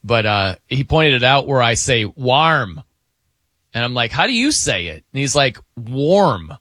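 Man, radio host, bright tone, animated pitch, chatty and laughing, dry studio sound. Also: a little fast, no room sound. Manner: chatty, laughing, mimics how people say words. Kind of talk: casual on-air banter.

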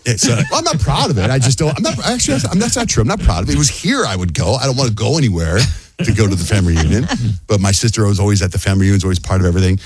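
A man hosting a morning radio show, telling chatty stories and doing animated voices when he quotes people. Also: on the low side, rapid-fire, husky, dry recording. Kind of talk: casual morning radio banter. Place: radio studio.

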